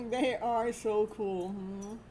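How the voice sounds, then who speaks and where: Brief: woman livestream host, slow unhurried chat, slightly high voice, noisy home recording. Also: steady tone, mellow. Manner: slow, chatty, laughs often, baby-talks to her dog. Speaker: tarot reader and livestream host. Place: at home with a dog. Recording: noticeable background noise.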